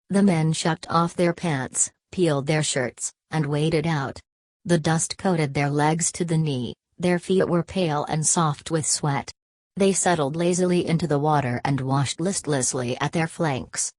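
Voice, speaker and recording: A woman narrating an audiobook in a steady, measured reading voice. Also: low voice, dry recording.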